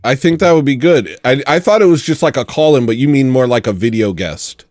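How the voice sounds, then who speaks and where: A male livestream host rambling in sarcastic, deadpan chat. His voice sits at a middling pitch, recorded close and dry. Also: a little fast, dry recording.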